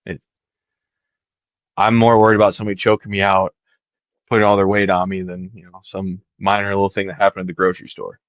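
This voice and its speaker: A man co-hosts a casual podcast in a lowish voice. He talks in a loose, hesitant way, circling through fillers before he lands his point. His mic sounds dull and slightly muffled, close and dry. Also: no room sound. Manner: relaxed, halting, many fillers. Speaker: podcast co-host.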